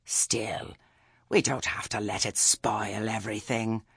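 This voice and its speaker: A man voicing a stern old witch woman who speaks meekly and quietly, with menace under it. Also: extremely low pitch, measured pace, creaky, husky, dry recording, studio quality, exaggerated voice. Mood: pleasant. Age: older. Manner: meek, soft-spoken, understated.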